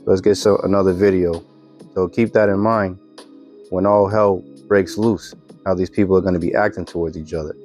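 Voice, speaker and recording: A man's voice: sits low, fairly even intonation, moderate pace, a little mellow, faint music behind. A man giving casual religious commentary on videos, reading scripture and ending remarks with "man".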